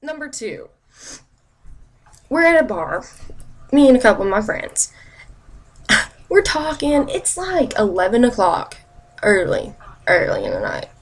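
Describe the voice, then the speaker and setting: A young woman in her twenties telling sarcastic, animated stories to her camera in a casual vlog. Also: on the high side, a little slow, long pauses, breathy edge. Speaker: vlogger.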